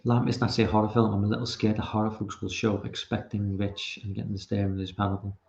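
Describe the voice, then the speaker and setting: A man's voice: lowish voice, level tone, quick pace, vocal fry, a little mellow, echoey room, muffled recording. A man from Liverpool with a Liverpool accent, hosting a casual live commentary stream and rambling with plenty of swearing. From Liverpool, England.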